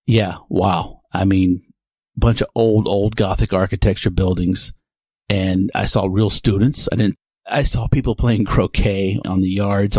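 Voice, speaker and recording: A rambling man talks through his podcast in a loose, chatty monologue that keeps drifting off topic. His voice sits low. The sound is close and dry, with no room around it. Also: darkish tone, slightly rough, dry recording. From Texas. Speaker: podcast host. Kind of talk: casual monologue.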